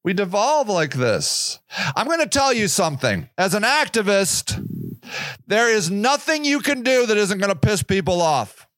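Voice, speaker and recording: A man delivers a heated activist monologue for his podcast, firing off shouted rhetorical questions. His voice sits high and sounds bright and tense. The recording is close and dry. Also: very animated, measured pace, no echo. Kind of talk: impassioned monologue.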